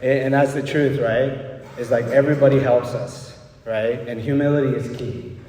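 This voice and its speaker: A man's voice: medium pitch, fairly even intonation, normal speed, darkish tone. Candid young man in an echoey hall. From El Paso, Texas. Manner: loose and candid, leans on "right?" and "you know". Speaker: speaker at a recovery meeting. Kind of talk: personal recovery story. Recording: echoey hall, distant mic, faint background noise.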